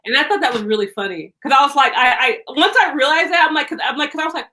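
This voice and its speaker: Woman, high voice, bright tone, chatty guest, lots of likes and restarts. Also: very fast, hardly any pauses. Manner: animated storyteller, many likes and restarts, laughs often. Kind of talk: casual conversational interview. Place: lives on the East Coast, away from LA.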